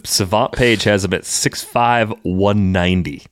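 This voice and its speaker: Deep-voiced podcast host man. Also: measured pace. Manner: relaxed, conversational, reads listener questions. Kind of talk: casual podcast chat.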